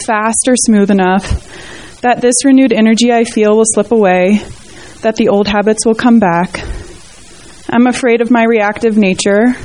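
A woman in a support group, reading a letter aloud in a soft, measured and sincere way. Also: a little high.

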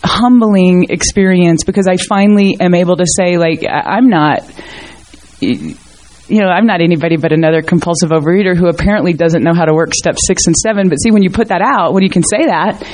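A woman's voice: on the low side, brisk, a little mellow. A middle-aged woman giving a candid, earnest personal testimony at a recovery meeting, rambling with many fillers and restarts. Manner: earnest and emotional, mild swearing.

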